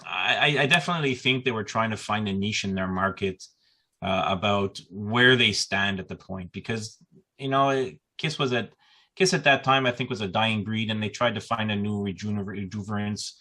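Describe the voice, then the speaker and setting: A man's voice: fairly low pitch, normal speed, pushed and bright. A man speaking as a panel guest on a podcast, talking casually and often repeating words as he starts a sentence.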